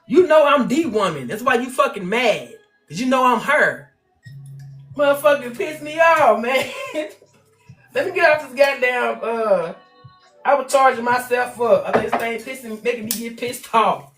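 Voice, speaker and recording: A woman's voice: a little high, lively intonation, normal speed, fairly bright tone. A woman hosting a livestream, ranting bluntly and with lots of swearing into a phone on a stand. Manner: blunt, profane, fired-up. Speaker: livestream host. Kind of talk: heated livestream rant. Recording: echoey room with faint music.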